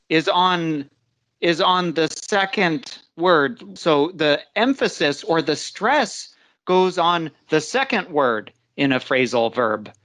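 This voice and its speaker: An English teacher leading a live online class, talking slowly and patiently and often restarting a sentence. The voice sits at an ordinary pitch, and the sound is close and dry with no room around it. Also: a bit bright, dry recording. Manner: slow, patient explaining with frequent restarts. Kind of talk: live online language lesson.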